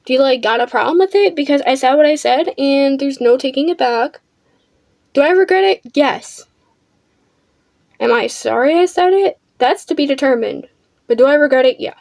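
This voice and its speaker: A woman's voice: sits high, normal speed, gravelly, a little mellow, dry recording. A teenage girl telling a storytime vlog while doing her makeup, blunt, defiant and full of swearing. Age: teens. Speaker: vlogger. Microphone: camera under a ring light.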